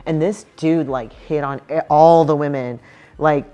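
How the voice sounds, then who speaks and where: Woman, comic artist, casual chat, profane, acts out quotes, deep low voice. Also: fairly even intonation, unhurried, mellow, smooth, dull audio. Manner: blunt, profane storytelling. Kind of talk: casual chat showing her book.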